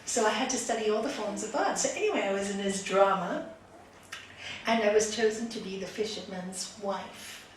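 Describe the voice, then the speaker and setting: A woman yoga teacher giving a spiritual talk to a group, chatty and animated, telling a fable. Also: mid-range voice, normal speed. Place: meditation group's meeting room. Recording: echoey room, distant mic, background noise.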